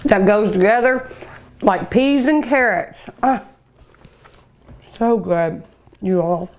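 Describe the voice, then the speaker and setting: An older woman with a warm Kentucky drawl hosts a cooking show, savoring each bite and gushing over her dishes with hums and sighs. She takes her time, drawing out her words at an unhurried pace in a middle-pitched voice. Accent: Kentucky Southern US. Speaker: cooking show host and restaurant owner. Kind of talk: food tasting show.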